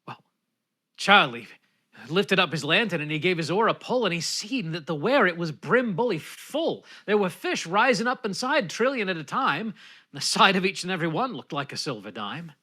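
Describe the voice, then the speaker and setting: A man's voice: high voice, big pitch swings, normal speed, bright, forceful tone. A man reciting a folksy narrative ballad at an online bardic gathering. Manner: folksy down-east storytelling. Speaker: poetry reciter.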